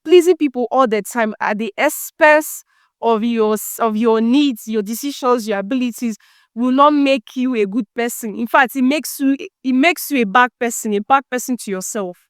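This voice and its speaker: A woman's voice: fairly high pitch, moderate pace, no echo, clean studio sound. A woman hosting a motivational self-help talk, preachy and teasing, full of rhetorical questions. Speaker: self-help podcast host.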